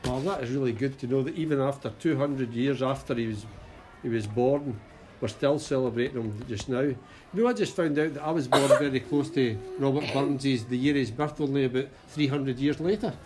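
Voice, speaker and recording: A man's voice: mid-range voice, brisk, darkish tone. A man in his thirties hosting a school class podcast in an encouraging, chatty way.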